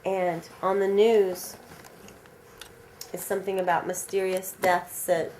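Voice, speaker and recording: A woman telling an original vampire story aloud in a casual, animated, rambling way, with many fillers. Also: medium pitch, slow pace, a little hiss or hum.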